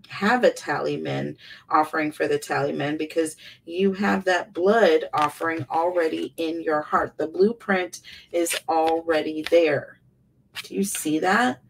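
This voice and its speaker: A woman's voice: on the low side, creaky, distant mic, rough recording. A woman giving an emphatic tarot reading to her viewers, repeating words for effect. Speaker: tarot reader.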